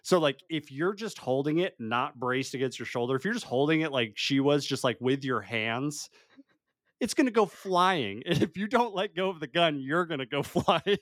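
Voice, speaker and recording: A man's voice: fairly high pitch, expressive, a bit bright, no echo, studio quality. A man co-hosting a podcast in casual chat, amused and talkative. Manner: chatty, amused, quick to laugh. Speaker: podcast co-host.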